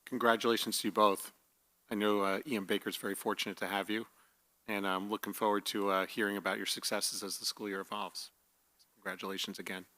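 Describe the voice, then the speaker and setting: A man chairing a school board meeting, giving clear procedural instructions. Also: lowish voice, little pitch movement, brisk, pushed and bright, slight background noise, poor audio.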